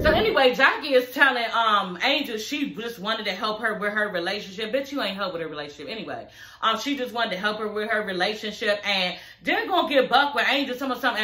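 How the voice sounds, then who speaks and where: A woman's voice: sits high, expressive, a little fast, bright, forceful tone, echoey room. A young adult woman recapping a reality show in a blunt, sassy, profane way, laughing often as she rants. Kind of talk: casual recap rant.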